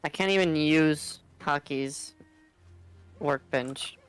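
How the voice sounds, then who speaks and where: A woman from Puerto Rico with a Puerto Rican accent, playing a game in casual chat, unhurried and a bit flustered. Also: low voice, clear, resonant tone, faint music behind. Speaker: co-player.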